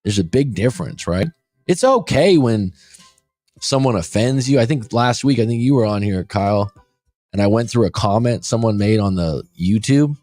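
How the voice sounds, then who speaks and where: A man's voice: lowish voice, expressive, normal speed, darkish tone, dry recording. A man in his forties, a life coach hosting a show, talking casually and bluntly, swearing freely. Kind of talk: casual podcast talk.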